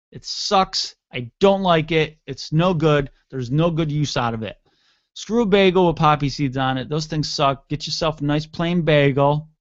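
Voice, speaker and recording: A man's voice: on the high side, no room sound, dull audio. A man hosting an internet radio show, rambling and cursing sarcastically in a casual solo rant.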